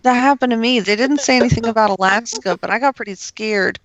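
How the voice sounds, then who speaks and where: A woman's voice: a little high, fast, highs cut off, crowd noise. A woman co-hosting a podcast in casual chat, playful and teasing. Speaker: podcast co-host.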